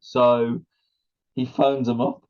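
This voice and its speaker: An animated man in casual chat, bursting into laughter as he acts out every line of a story. His voice is warm and mellow, recorded with a dull, lo-fi sound. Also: medium pitch, slow pace. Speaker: podcast co-host.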